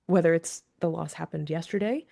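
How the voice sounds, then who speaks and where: A grief expert and author, appearing as a guest in a conversational interview, speaks earnestly about her work with grieving people and illustrates her ideas with quoted examples. Her voice is low, warm and creaky, and she talks a little fast.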